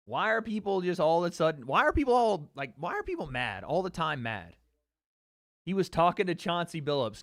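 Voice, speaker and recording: A livestream host with a sing-song voice on the high side talks briskly in a slightly bright tone, recorded dry in studio quality. Casually reacting to fight chat, he speaks right to his viewers in a loose, chatty manner, full of jokes and repetition.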